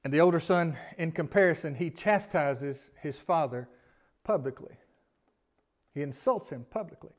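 A man's voice: fairly high pitch, animated, normal speed. A man preaching a sermon in a church, folksy in manner and often asking his congregation questions. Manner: folksy, asks the congregation questions, pleading rises. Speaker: pastor. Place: church sanctuary.

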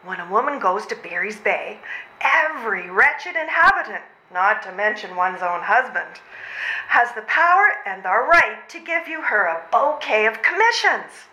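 A woman's voice: medium pitch, very animated, a little slow, bright, forceful tone. A woman plays a worn-out, frantic mother and civil servant in a live stage comedy reading, overwrought, sighing and out of breath. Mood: aggrieved complaining. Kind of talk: readers' theatre stage comedy. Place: old train station before a live audience. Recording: roomy hall sound.

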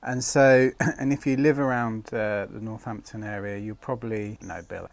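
A man's voice: fairly low pitch, steady tone, moderate pace, gravelly, dry recording. A man hosting a casual podcast, rambling with many fillers and laughing at himself. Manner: rambling, self-mocking, filler-heavy. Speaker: podcast host.

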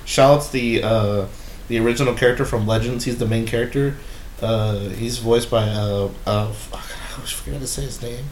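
A young man co-hosting a casual podcast, excitable and quick to swear and laugh. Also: mid-range voice. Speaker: podcast co-host. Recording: roomy sound with faint background noise.

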